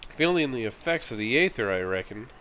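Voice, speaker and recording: A man's voice: mid-range voice, sing-song, brisk, pushed and bright, slight background noise. A man reading aloud game characters' lines in a hammy, slightly raised voice. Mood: hamming.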